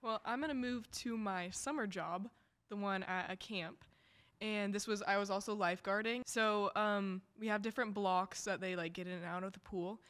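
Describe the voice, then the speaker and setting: A young woman on a student podcast, telling a story with an easygoing pace. Her voice sits in a middle range, and she pauses often with "um" and "you know". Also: medium pitch. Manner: relaxed, hesitant with fillers. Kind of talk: casual storytelling.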